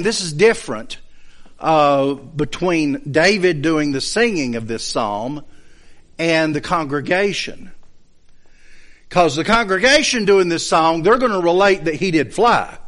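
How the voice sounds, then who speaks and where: Guy teaching bible study, kinda high voice, takes his time, keeps asking "all right?". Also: animated, fairly bright tone. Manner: explains slowly, checks understanding with asides.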